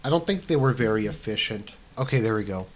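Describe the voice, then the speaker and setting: Here a young man talks fast in a fairly low voice with lively intonation. He chats casually through viewer questions during a strategy game, wandering off topic, starting over, and stuffing his speech with fillers.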